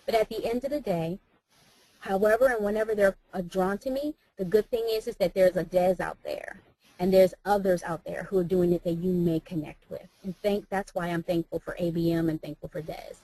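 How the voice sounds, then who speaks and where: A woman's voice: fairly low pitch, a little fast, mellow, dry recording, rough recording. An American woman, a mentor and businesswoman, speaking earnestly and encouragingly on a group call. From United States. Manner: earnest, encouraging, faith-filled.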